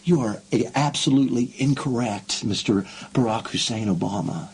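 A male talk show host speaking fervently and excitably, often repeating himself. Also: medium pitch, moderate pace, slight background noise. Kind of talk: emotional radio interview.

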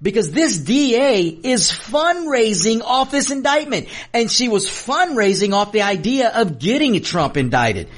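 A middle-aged man holds forth in a political commentary monologue, speaking directly to his audience. His pitch sits a little high and swings widely as he presses his points. He often stumbles, restarts and repeats phrases for emphasis. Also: measured pace, hardly any pauses. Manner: animated, emphatic, repeats himself and restarts, addresses viewers directly.

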